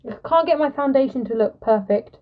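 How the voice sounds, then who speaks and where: A woman's voice: high voice, lively intonation, a little fast. A young woman chatting casually with viewers on a live stream while doing her makeup, giggly and talkative, greeting people by name. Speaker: musical theatre performer hosting a live stream. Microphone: phone held close. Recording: lo-fi phone live-stream audio.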